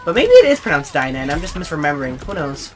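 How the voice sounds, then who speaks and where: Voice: medium pitch, wildly swooping pitch, fast. A gaming channel host giving casual, rambling let's play commentary, full of fillers and asides to viewers. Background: game sound.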